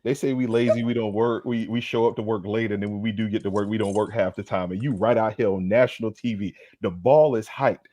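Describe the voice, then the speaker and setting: A man co-hosting a sports podcast, delivering an animated, slangy mock lecture in a comedic rant. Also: lowish voice, brisk, few pauses. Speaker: podcast co-host.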